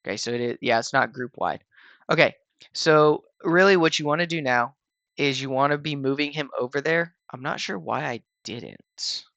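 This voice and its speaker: Tired and yawning, a gaming channel host narrates a raid walkthrough in a relaxed, rambling way, with frequent fillers and restarts. His voice is on the high side and creaky, at normal speed, with no room sound.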